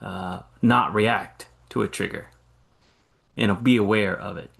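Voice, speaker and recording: A man co-hosting a podcast who asks slow, thoughtful questions. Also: fairly low pitch, creaky, a bit bright. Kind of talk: casual conversational podcast talk.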